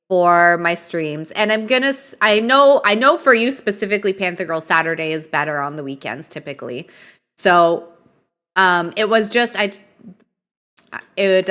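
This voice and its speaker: A woman's voice: medium pitch, sharp tone. A tired woman streaming a life-simulation game live, chatting casually, reading game options aloud and greeting viewers.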